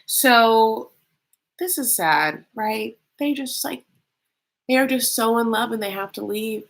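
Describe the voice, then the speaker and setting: A woman's voice: on the high side, slow, vocal fry, fairly bright tone. A woman hosting a casual reality-show recap, chatty and loose, full of fillers and calling the audience honey.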